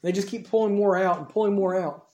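A man's voice: sits high, fast, darkish tone. A man preaching a storytelling sermon in a casual, conversational way. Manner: conversational, acts out dialogue in the retelling. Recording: roomy echo.

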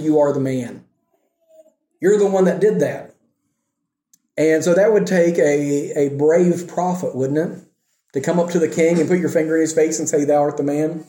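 Man, Bible teacher, reads scripture then explains casually, slightly high voice, echoey room. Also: mellow. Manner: reads scripture slowly, then explains conversationally with asides like "okay?".

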